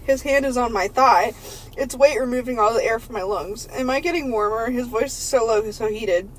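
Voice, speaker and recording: A woman's voice: on the high side, moderate pace, a little hiss or hum, low-quality recording. A woman podcast host reading an erotic novel aloud for laughs, stumbling over words and breaking into giggles.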